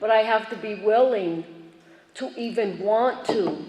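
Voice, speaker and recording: A woman with a mid-range, mellow voice speaks unhurriedly at a recovery meeting, sharing her own story in a chatty, self-mocking, joking way. The meeting hall sounds echoey, with faint background noise.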